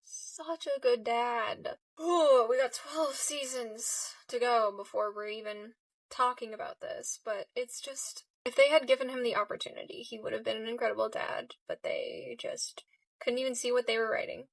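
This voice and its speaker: A woman's voice: on the high side, steady tone, moderate pace. A woman giving casual, gushing and emotional commentary as she reacts to a TV show. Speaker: reaction video creator. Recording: voice a bit distant from the mic.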